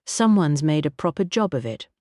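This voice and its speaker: A brisk male country doctor with a Scottish accent, voiced by a woman narrating an audiobook. He talks in blunt, matter-of-fact lines. The recording is close and dry. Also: deep voice, lively intonation, a little mellow, no echo. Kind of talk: audiobook character voice.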